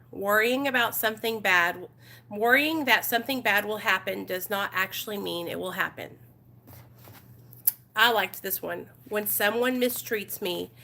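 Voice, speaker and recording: A woman with an East Texas accent hosts a casual livestream, reading aloud and talking straight with her viewers. Her voice is bright and forceful, at a middling pitch for a woman. She is chatty and blunt, greeting people and answering their comments as they come in. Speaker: recovery support livestream host.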